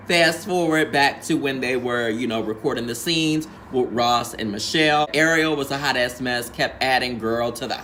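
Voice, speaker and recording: A man's voice: medium pitch, moderate pace, few pauses, bright, forceful tone, a little hiss or hum. Sassy man dishing drag-slang recap. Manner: acts out quotes in changed voices. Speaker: reality show recap host. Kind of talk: casual recap commentary.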